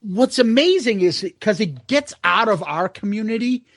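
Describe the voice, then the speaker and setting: Podcast co-host guy, really high voice, gravelly, swears a lot and laughs, dry close sound. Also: expressive, normal speed, fairly bright tone, dry recording. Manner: profane, laughing, mimics angry commenters. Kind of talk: casual chat.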